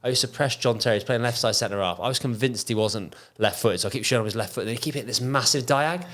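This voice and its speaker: A man co-hosting a podcast in casual chat, telling quick anecdotes with the odd chuckle. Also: medium pitch, fairly bright tone. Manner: brisk storyteller, chuckles through anecdotes. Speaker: podcast co-host.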